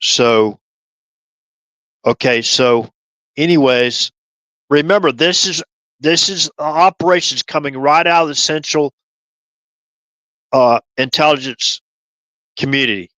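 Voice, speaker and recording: Brief: male streamer, rambling conspiratorial monologue, slightly high pitch, dry. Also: takes it slowly, long pauses, fairly bright tone, dry recording. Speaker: livestream host. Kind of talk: rambling livestream commentary.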